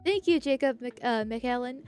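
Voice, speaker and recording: Woman streamer, casual rambling chat, fairly high voice, faint music underneath. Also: moderate pace, a little mellow, clear, resonant tone. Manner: rambling, laughs often between tangents.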